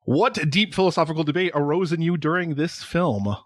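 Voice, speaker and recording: A man's voice: fairly high pitch, brisk, no room sound, clean studio sound. A man guesting on a movie podcast, talking with enthusiasm and speeding up as he explains his points. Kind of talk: casual movie review chat.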